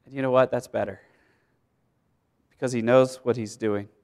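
A man's voice: mid-range voice, steady tone, moderate pace, darkish tone, clean tone. A male pastor preaching a sermon in a conversational way, repeating words and laughing as he goes.

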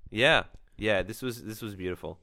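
A man co-hosting a casual podcast recap, agreeable and quick to affirm. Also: on the low side, creaky. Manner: agreeable, warm affirmations, restarts mid-sentence. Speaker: podcast co-host.

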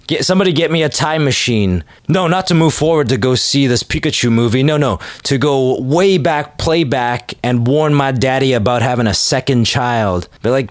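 A man's voice: mid-range voice, normal speed, hardly any pauses, no echo, studio quality. A man hosting a comedy podcast, rambling through jokes in a self-mocking way. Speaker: podcast host.

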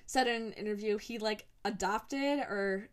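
A young woman hosts her own podcast and chats casually on her own. She rambles along excitedly, filling her sentences with "like" and "um" and restarting her thoughts. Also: mid-range voice, unhurried. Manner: chatty and rambling, lots of "like" and "um", excited. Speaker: podcast host. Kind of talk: casual solo episode talk.

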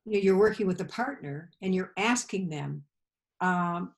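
A woman's voice: lowish voice, lively intonation, moderate pace, vocal fry. A woman coach in casual conversation, listening closely and affirming often. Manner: attentive, frequent affirmations.

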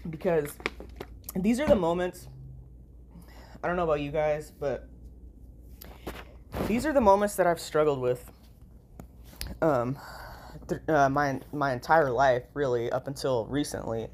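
A woman's voice: sits low, lively intonation, measured pace, long pauses, darkish tone, slight background noise. A tired, sleep-deprived woman with a nasal voice, talking in a rambling casual vlog, full of "like" and "you know" and freely swearing. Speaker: vlogger.

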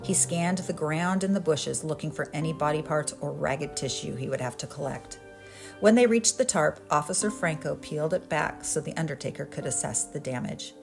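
Low gravelly woman narrating a story. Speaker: podcast host and narrator.

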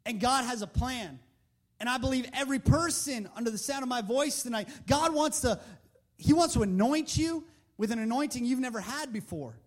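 A man's voice: very high voice, animated, brisk, darkish tone. A man preaching a sermon in a conversational, emphatic way, full of rhetorical questions, into a handheld mic.

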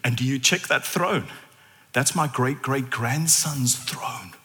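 A man voicing a chatty, proud old woman who is a great-great-grandmother, speaking low and confiding. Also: slow pace, sharp tone, in a large hall. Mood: boastful.

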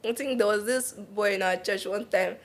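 A young Nigerian woman with a Nigerian accent telling animated stories in a casual podcast chat, laughing and slipping into pidgin. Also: mid-range voice, normal speed. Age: young adult. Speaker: podcast co-host.

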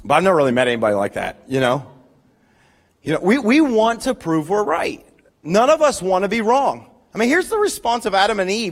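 A high-pitched man in his forties delivers a sermon from the pulpit. He talks in a lively, joking way, often restarting his sentences as he tells stories about himself. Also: a little fast. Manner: animated, joking storytelling with frequent restarts. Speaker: pastor.

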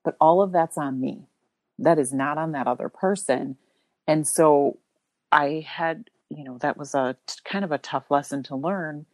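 Low-voiced woman, thoughtful and dry. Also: no room sound. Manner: thoughtful, measured, pauses with fillers. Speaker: podcast co-host. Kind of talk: casual reflective conversation.

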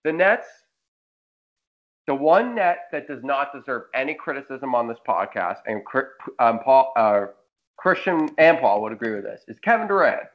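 A man's voice: mid-range voice, sing-song, moderate pace, highs cut off. A young man hosting a casual sports podcast, roasting players in emphatic rants. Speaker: podcast host.

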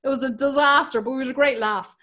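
Irish woman, high bright voice, bawdy casual storyteller. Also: fairly even intonation, fast talker. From Ireland. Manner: bawdy, laughs through her stories.

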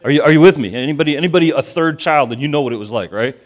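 A man's voice: a little high, very fast. A man in his forties from Argentina, a pastor preaching a sermon with funny stories and jokes with the audience. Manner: animated storyteller, jokes with the audience.

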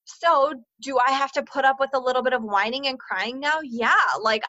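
Woman, 30s, frank host monologue, curses casually, higher voice, muffled dry sound. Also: fairly even intonation, moderate pace, hardly any pauses, sharp tone, no room sound. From Minnesota, US. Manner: earnest, swears freely, many "like" fillers. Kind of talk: candid monologue to listeners.

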